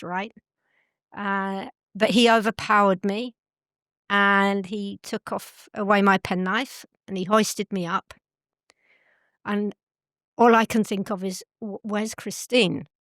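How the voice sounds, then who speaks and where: A middle-aged woman telling a personal story as an interview guest, earnest and pausing to search for the right English words. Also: medium pitch, no room sound, clean studio sound.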